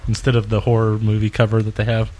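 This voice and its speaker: A man's voice: on the low side, completely flat delivery, quick pace, a little mellow. A man co-hosting a podcast, chatting casually with dry, teasing quips about movies. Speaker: podcast co-host. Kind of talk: casual movie review chat.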